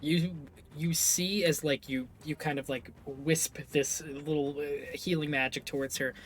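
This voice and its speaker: Man running a tabletop game, higher voice. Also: steady tone. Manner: loose, halting narration with fillers. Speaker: game master.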